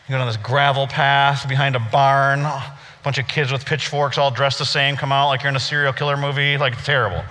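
A man's voice: medium pitch, pushed and bright. A man preaching a sermon to a congregation, telling stories in a conversational way with playful asides to the crowd. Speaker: pastor. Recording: reverberant church hall.

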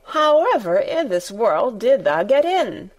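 A woman voicing a tactless old male gardener with a Yorkshire dialect and a shaky, hoarse, quavering voice. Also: fairly high pitch, very animated. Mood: startled. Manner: slow, quavering.

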